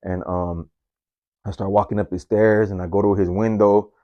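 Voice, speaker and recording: A man's voice: flat delivery, moderate pace, dry recording, muffled recording. Profane, slangy man telling a story. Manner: slangy and profane, jumps into high-pitched voices when quoting. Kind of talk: casual first-person storytelling.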